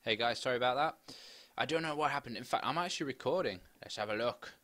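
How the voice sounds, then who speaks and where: A man's voice: medium pitch, quick pace, slight background noise. A middle-aged man giving rambling, chatty commentary while playing a game. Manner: chatty, rambling, bursts into excited squeals. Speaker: gaming commentator. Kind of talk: casual let's-play commentary. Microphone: desk microphone with face cam.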